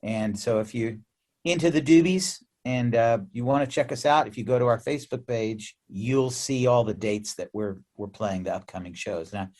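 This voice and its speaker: An American man, a musician guest in a remote interview, telling stories in a lively, chatty way with frequent laughs and restarts. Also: medium pitch, moderate pace. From United States. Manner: animated storyteller, laughs often, many restarts. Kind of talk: casual interview chat.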